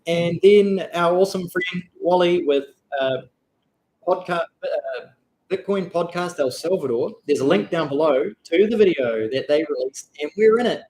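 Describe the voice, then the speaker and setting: A middle-aged man with a New Zealand accent, chatting casually as co-host of a vlog, relaxed and halting with fillers. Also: a little high, low-quality recording. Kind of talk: casual chat.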